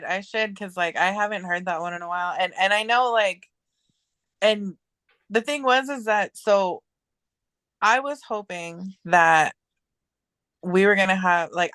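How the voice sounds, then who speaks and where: A woman's voice: fairly low pitch, a bit bright, clear, resonant tone, dry recording. A woman as a podcast guest in casual chat, telling a rambling story with many restarts and fillers.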